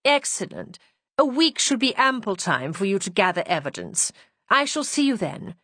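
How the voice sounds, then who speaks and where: A woman's voice: medium pitch, very animated, normal speed, pushed and bright, no echo. A woman reading as a formal pleading society lady. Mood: earnest pleading. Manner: formal, earnest, entreating.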